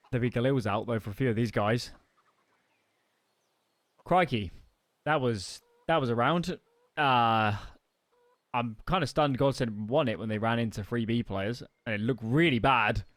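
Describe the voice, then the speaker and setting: A British man giving esports colour commentary, relaxed and reflective, with some hesitant uhs as he sums up the play. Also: lowish voice, no room sound.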